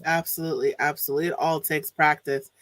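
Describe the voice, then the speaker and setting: A woman's voice: low-pitched, steady tone, quick pace, fairly bright tone, no room sound. A woman hosting a podcast interview, chatting casually with frequent laughs and restarts. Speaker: podcast host.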